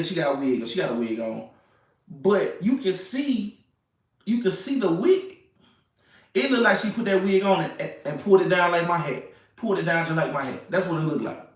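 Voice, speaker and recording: A young man telling a date story in a casual, animated way, repeating phrases and asking "you know what I'm saying". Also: on the high side, far from the mic. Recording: echoey room, off-mic.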